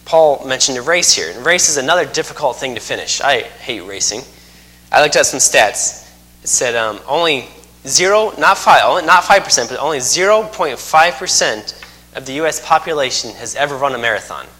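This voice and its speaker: A man's voice: mid-range voice, expressive, normal speed, bright, forceful tone. A man preaching a sermon, folksy and emphatic, with joking asides.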